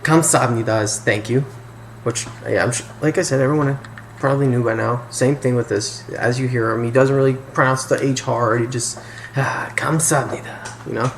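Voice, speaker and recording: A man talking through language points in a loose, unscripted way, pausing and restarting as he thinks. His voice sits at an everyday middle pitch, with a faint hiss of noise behind him. He sounds like someone recording at a home desk. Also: fairly even intonation. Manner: thinking aloud with frequent ums and restarts. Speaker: language tutor. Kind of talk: casual explainer commentary.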